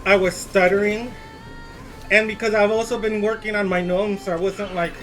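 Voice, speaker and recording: A man's voice: sits high, flat delivery, moderate pace, fairly bright tone, slight background noise. A man live-streaming casually while walking and gaming, playful and teasing, laughing often and slipping into Spanish phrases.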